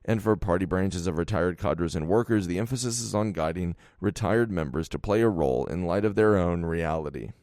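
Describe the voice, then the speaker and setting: A man narrating a nonfiction audiobook in a steady, measured reading voice. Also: sits low, dry recording, studio quality.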